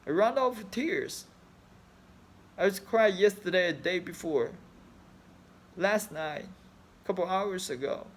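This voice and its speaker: A high-pitched, expressive male voice comes from a Chinese fan in his thirties who speaks English with a Chinese accent as a non-native speaker. He goes slowly, leaving long pauses. In this emotional personal vlog, his talk about grief rambles, with frequent swearing and broken phrasing.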